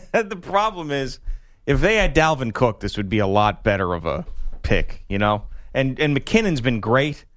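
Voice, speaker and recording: A man hosting a sports talk show, animated and quick to laugh as he trades jokes with his co-hosts. His voice sits at an ordinary middle pitch. The sound is dry and close, with no room around it. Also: dry recording. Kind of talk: casual sports radio banter.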